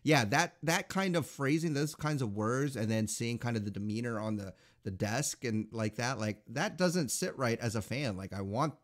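A man's voice: medium pitch, normal speed, hardly any pauses. A man co-hosting a podcast in casual chat, rambling with lots of filler words. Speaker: podcast co-host.

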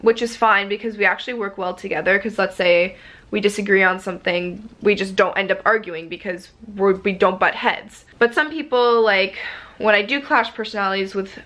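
A woman in her twenties vlogs in a casual, confessional way, rambling with lots of "like" fillers while staying earnest, open and emotional. Her voice is medium-pitched and a bit bright, with a steady tone and moderate pace.

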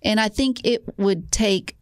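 A woman's voice: mid-range voice, unhurried, no echo, studio quality. A woman co-hosting a faith talk show, speaking earnestly with frequent restarts and emphatic points. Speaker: co-host.

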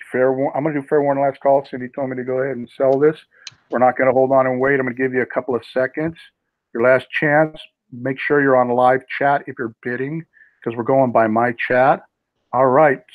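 A man's voice: medium pitch, no echo. A man hosting a live online auction, calling bids and greeting chat viewers by name. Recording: tinny phone-like sound, dry.

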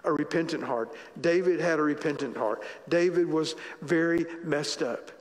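Male pastor, sermon, higher voice, repeats for emphasis, echoing sanctuary. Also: normal speed. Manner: conversational, repeats phrases for emphasis. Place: church sanctuary.

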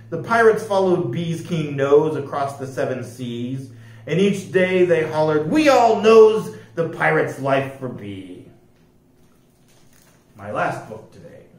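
Slow lively man reading stories aloud. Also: on the high side. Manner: slow, lively rhyming delivery. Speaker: library storyteller. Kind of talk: reading picture books aloud. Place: library room. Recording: echoey room, distant mic.

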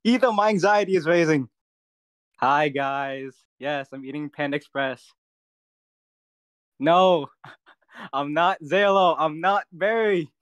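A man's voice: a little high, slow pace, long pauses, no room sound. A young man filling in on a live stream as the streamer's friend, flustered and joking to himself. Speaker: streamer's friend covering the chat. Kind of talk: casual live-stream chat.

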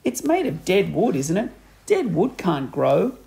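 A man reading a storybook aloud, voicing a spiteful old man who taunts slowly and cruelly. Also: sits high, big pitch swings, vocal fry, warm tone, exaggerated voice. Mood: gloating. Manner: taunting, slow and drawn-out.

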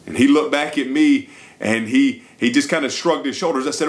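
A man's voice: mid-range voice, moderate pace. A man with a Southern US accent, preaching a sermon and earnestly retelling a conversation. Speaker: pastor. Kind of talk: sermon storytelling.

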